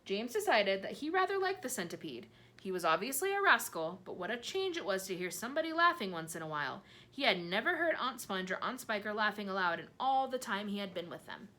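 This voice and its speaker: Brief: woman reading a children's novel aloud, lively intonation, bright clear tone. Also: medium pitch, a little fast, few pauses. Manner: expressive, animated storytelling. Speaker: reader. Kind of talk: expressive children's read-aloud narration.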